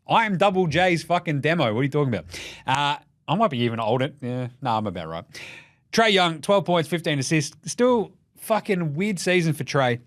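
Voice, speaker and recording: An Australian man hosting a basketball podcast, riffing in a jokey, profane, rapid-fire way. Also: fairly high pitch, big pitch swings, a bit bright, no room sound, studio quality. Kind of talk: casual solo commentary.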